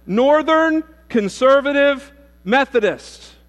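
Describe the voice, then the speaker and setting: A man's voice: very high voice, expressive, slow pace, pitched above the performer's own voice, heavily acted. A man voicing a despondent man about to jump from a bridge, answering plainly and earnestly. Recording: reverberant hall with mains hum.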